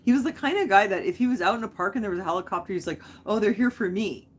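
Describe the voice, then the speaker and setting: A woman's voice: medium pitch, lively intonation, rapid-fire. Rambling woman chatting on a live stream. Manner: rambling, goes off on tangents, answers viewer comments. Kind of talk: casual live-stream chat.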